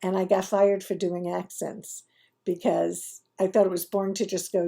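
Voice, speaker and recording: New york lady vlogging from home, warm raspy voice, rambly and jokey about herself. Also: fairly low pitch, flat delivery, normal speed. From Brooklyn, New York. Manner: chatty, digressive, self-mocking asides. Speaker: YouTube host. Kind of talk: casual storytelling to camera.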